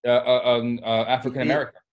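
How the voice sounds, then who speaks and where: A man's voice: mid-range voice, level tone, quick pace, muffled recording. A man chatting casually as co-host, chiming in with short questions and jokes. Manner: brief interjections and questions, joking. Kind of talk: casual chat.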